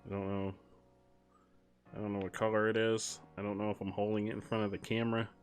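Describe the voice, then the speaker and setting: A young man streaming a game, chatting casually, switching between muttered asides and loud excited outbursts. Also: fairly low pitch, fast, faint music behind. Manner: excitable, shifts from mumbling asides to loud exclamations. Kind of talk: casual live-stream commentary while gaming.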